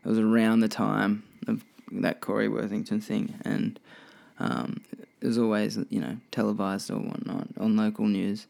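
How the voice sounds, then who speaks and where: A man's voice: lowish voice, fairly even intonation, moderate pace, vocal fry, few pauses, a little mellow. A young man hosting a casual solo podcast, rambling and swearing freely with many restarts. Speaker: podcast host.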